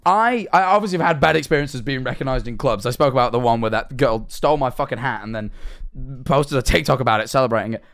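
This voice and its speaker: A young English-accented streamer talks fast at a medium pitch while chatting on a livestream. He swears and breaks into incredulous shouts as he reacts to viewer messages.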